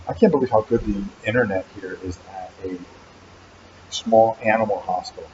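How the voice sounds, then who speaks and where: Male host, lowish dark voice, teasing rambling live chat, muffled webcam audio. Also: normal speed, slight background noise. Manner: teasing, rambling, joking about a helper. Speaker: channel host. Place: animal hospital waiting area.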